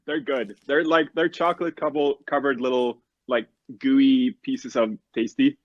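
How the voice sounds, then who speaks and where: Man, podcast co-host, mid-pitched, deadpan quips, dull lo-fi sound. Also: unhurried. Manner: dry, understated quips. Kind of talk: casual chat.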